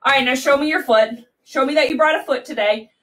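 A woman teaching a children's yoga class in an animated, playful, sing-song way. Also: high-pitched, fast, distant mic.

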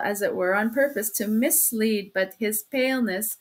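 A woman's voice: mid-range voice, normal speed. Woman reading a classic novel aloud. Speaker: audiobook reader.

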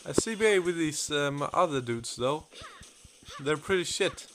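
A young man gives loud, excitable gaming commentary, swearing freely as he plays. His voice sits fairly high for a man. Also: a little slow, a little hiss or hum. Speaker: gaming YouTuber.

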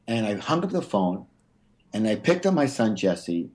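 A man guest on an interview, telling a personal story, often stumbling and restarting and jumping up in pitch when he acts out what was said. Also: normal speed. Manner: animated, acts out quotes with big pitch jumps. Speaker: guest author.

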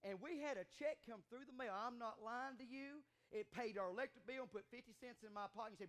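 Man, pastor, church sermon, swooping lively pitch, joking and shouting. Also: normal speed. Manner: animated, shouting and joking with the congregation. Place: church sanctuary.

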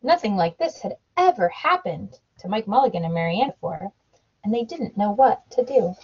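A mother reads a picture book aloud to her child at home, with a husky, breathy voice. Her delivery is lively, with her pitch rising and falling a lot. The recording is dull and lo-fi. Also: normal speed. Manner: animated storybook reading with sound effects. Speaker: parent reading to her child.

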